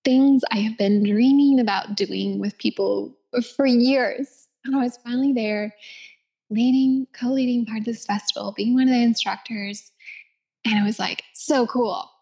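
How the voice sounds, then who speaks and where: A woman's voice: a little high, fairly even intonation, moderate pace, creaky, darkish tone. A woman yoga instructor giving a casual, reflective self-help talk. She says "like" often, laughs easily and sometimes drops to a whisper.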